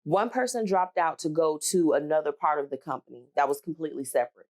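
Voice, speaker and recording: A woman in her thirties hosting a podcast, telling a personal story and giving advice in an animated, emphatic way, talking straight to her listeners. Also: sits low, fast talker. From United States. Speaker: podcast host.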